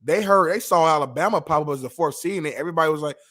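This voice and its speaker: A man co-hosts a sports talk show with animated, swearing banter. His voice sits a little high for a man. He reacts to his partner with loud exclamations. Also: very fast. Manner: animated, reactive, profane, reads viewer messages aloud.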